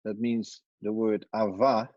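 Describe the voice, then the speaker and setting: A man teaching an online class, relaxed, quizzing students and explaining as he goes. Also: fairly low pitch, unhurried, dry recording, dull audio.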